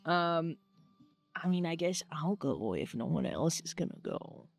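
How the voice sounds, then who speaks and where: A woman's voice: sits low, lively intonation, unhurried, creaky, faint music behind. A woman with a Midwestern US accent playing a tabletop game, hesitant and giggly. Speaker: player. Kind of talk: casual play at a tabletop game.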